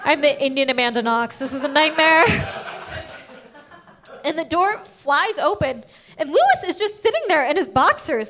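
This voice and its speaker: A woman comedian performing a stand-up set on stage, telling stories with animated energy and laughing at her own jokes. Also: sits high, normal speed.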